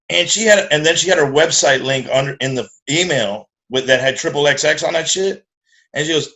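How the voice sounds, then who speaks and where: A middle-aged man telling a profane, animated story in casual chat and acting out the voices of the people in it. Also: a little high, fairly quick. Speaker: guest musician.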